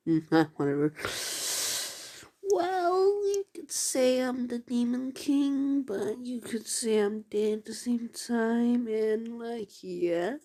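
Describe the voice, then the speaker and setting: A woman's voice: on the high side, expressive, slow pace, warm tone, voice pushed up. A woman voicing a short, carefree male demon king who drawls offhand remarks, in an amateur storytelling recording.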